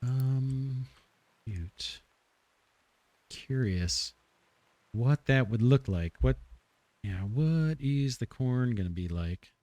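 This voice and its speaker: A man's voice: medium pitch, animated, very slow, pauses often, dark tone, no echo. A man hosting a let's play, thinking aloud as he builds, his voice a little worn. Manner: thinking aloud, musing and self-correcting. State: slightly losing his voice. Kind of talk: casual gameplay commentary.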